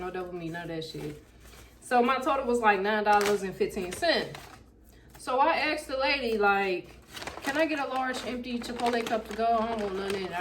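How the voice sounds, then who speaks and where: A young adult woman talking loud and animated, with a lot of swearing, in a casual storytime vlog filmed at home on camera. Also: mid-range voice, noisy background. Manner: loud, animated, profane chatter. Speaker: YouTuber. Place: home room with backlight. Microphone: camera in front of her.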